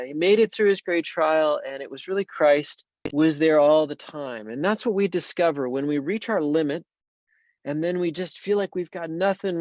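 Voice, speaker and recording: A man's voice: fairly high pitch, no echo. A man, a Benedictine monk and priest, teaching casually about the spiritual life, searching for words with lots of "you know" and restarts. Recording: dull, slightly lo-fi dry sound.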